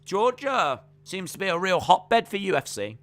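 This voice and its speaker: Hosting a live fight watch-along, this man speaks in a high, sing-song voice that is a bit bright and moderately paced. He chats with viewers, reads out their comments, and calls the fight play-by-play.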